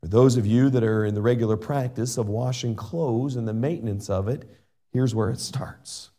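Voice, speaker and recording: A middle-aged man preaching a sermon and reading scripture in an earnest way. He shifts between loud emphasis and soft asides. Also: medium pitch, normal speed. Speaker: pastor.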